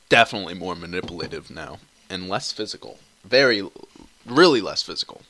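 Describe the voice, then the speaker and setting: A man's voice: low voice, expressive, normal speed, bright, forceful tone, slight background noise. A young man hosting his own podcast alone, talking in a rambling, crude way full of swearing and restarts on a cheap computer mic at home. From Canada. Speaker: podcast host. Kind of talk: casual solo podcast monologue.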